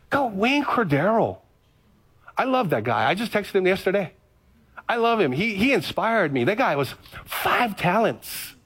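A middle-aged male pastor giving a sermon, telling stories with jokes and repeated phrases. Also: on the high side. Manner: animated storytelling, joking and repeating phrases.

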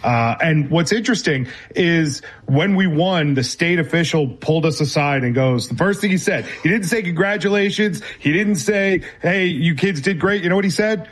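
A man on a sports radio show telling a story loudly and excitedly, repeating himself as he goes. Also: on the high side, moderate pace, hardly any pauses. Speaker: radio producer and youth baseball coach. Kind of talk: casual sports radio banter. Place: remote, away from the studio.

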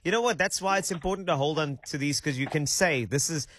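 Animated radio host. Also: male voice, fairly high pitch, quick pace, a little hiss or hum. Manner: animated, laughs often, repeats words. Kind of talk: casual radio chat.

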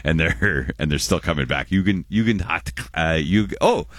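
A man's voice: low-pitched, lively intonation, normal speed, a bit bright, dry recording, clean studio sound. A Canadian man in his forties hosting a radio show in casual chat, rambling and restarting his words, often chuckling.

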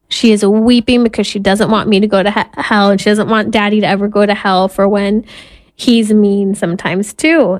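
A woman's voice: medium pitch, dry recording. A woman, probably in her thirties, giving a Catholic faith talk as a mother, earnest and candid, laughing at herself as she tells family stories. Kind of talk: personal faith talk with storytelling.

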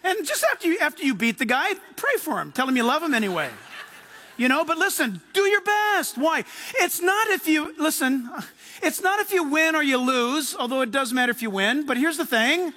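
A man preaching a sermon in an animated way, acting out the voices in his quotes. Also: very high voice, normal speed. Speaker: pastor.

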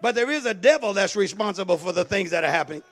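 A man with a strikingly high voice preaches a sermon. He calls out to the congregation and swells into shouted, sing-song phrases as he builds. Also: animated, fast. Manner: call-and-response preaching, rising into shouted, half-sung cadences. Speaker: pastor.

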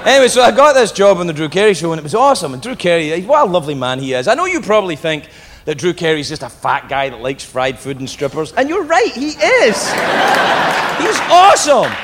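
A Scottish man doing stand-up storytelling on stage, animated and mocking, slipping into put-on voices. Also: a little high, fairly quick, long reverb tail. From Scotland. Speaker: stand-up comedian. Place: comedy club stage before a live audience. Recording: live stage recording with loud crowd noise.

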